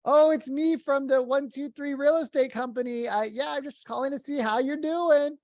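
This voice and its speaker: A man's voice: very high voice, fairly even intonation, moderate pace, a little mellow, dry recording, clean studio sound, voice pushed up. A man voicing a nervous, rambling male sales caller who stammers with ums and uhs. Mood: flustered.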